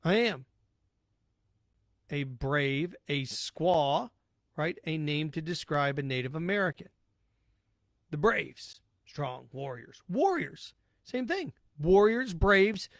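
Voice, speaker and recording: A man with a high voice hosts his own sports talk podcast. He rants bluntly and sarcastically, hammering his points over and over. The sound is dry and close, with no room echo. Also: sing-song, takes it slowly, pauses often, fairly bright tone. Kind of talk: opinionated solo podcast rant.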